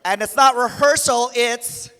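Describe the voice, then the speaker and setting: This conference emcee has a very high voice and speaks a little slowly, telling funny stories stand-up style from a large hall stage. He's animated and performs the voices of those he quotes, with the hall's echo clearly audible.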